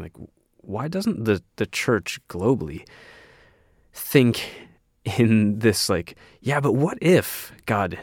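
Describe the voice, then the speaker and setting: Low gravelly-voiced man preaching a sermon. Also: no echo, studio quality. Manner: earnest, reads scripture aloud; hesitant fillers and restarts. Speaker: pastor.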